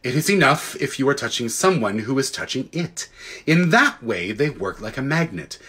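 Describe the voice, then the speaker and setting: Man reading a storybook aloud, lively pitch. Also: moderate pace, breathy edge. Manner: lively, expressive reading with casual asides. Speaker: audiobook reader.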